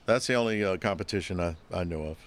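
A man's voice: sits low, fast. A man co-hosting a podcast in casual chat, jokey and wry, slipping into announcer mode for the sign-offs. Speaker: podcast co-host.

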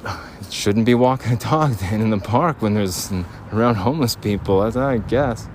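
This podcast host speaks at a normal speed in a fairly low-pitched male voice. He rambles through an audio diary on a walk in a city park, often breaking into laughter, with faint street sounds outdoors behind him.

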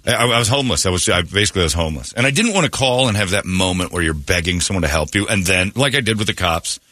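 A man hosting a radio talk show, telling a funny story in an animated way and acting out the voices in it. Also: deep voice, fast talker, no echo. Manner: animated, acts out his own crying and other voices.

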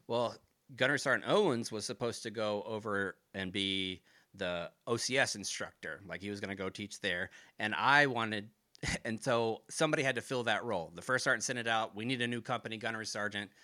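A former Marine, a guest on a podcast, tells stories from his service in a casual interview, cursing freely and animatedly acting out quoted dialogue. His voice is fairly low at a moderate pace, with clean studio sound and no echo.

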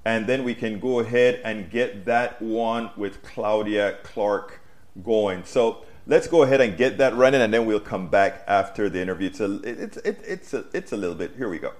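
Animated male political talk show host. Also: on the low side, moderate pace. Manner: animated, addresses viewers as folks. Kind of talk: live-streamed political commentary. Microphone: wireless mic.

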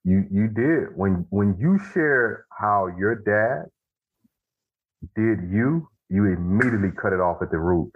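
Casting: deep-voiced man, husky, earnest storyteller, heard through a tinny phone-like line. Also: animated. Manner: earnest storytelling, slows for emphasis. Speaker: podcast guest, author. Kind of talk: casual conversation. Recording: phone-like narrow band.

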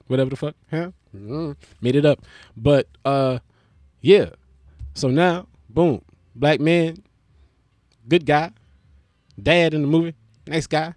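A man's voice: medium pitch, a little mellow, dry recording. Profane, rambling man with a dry voice. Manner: profane, joking, slangy and digressive. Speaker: vlogger reviewing a movie. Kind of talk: casual rambling monologue.

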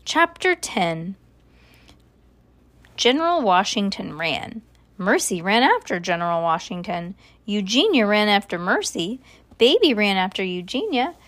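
A woman reading a children's book aloud in a lively, expressive way. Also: mid-range voice, a little slow, dry recording. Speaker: storyteller.

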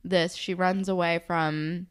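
A woman's voice: fairly low pitch, little pitch movement, takes it slowly, clean tone. A young woman co-hosting a casual chat, giving blunt, opinionated takes on a TV episode. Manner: opinionated, swears casually, laughs. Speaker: podcast co-host.

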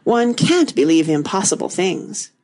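A woman voicing a polite, earnest little girl who speaks gently and a little plaintively. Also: mid-range voice, big pitch swings, measured pace.

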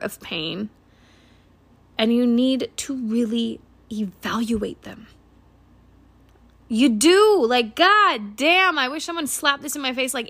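A woman's voice: on the high side, a bit bright. Woman, late twenties, podcast host, blunt, swears a lot, earnest motivational monologue. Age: 20s. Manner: blunt, swears freely, earnest pep talk.

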